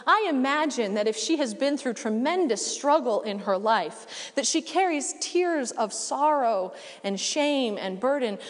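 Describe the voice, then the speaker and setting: A woman preacher giving a sermon in a relaxed, conversational way with casual asides, recorded in a church. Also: fairly high pitch, in a large hall.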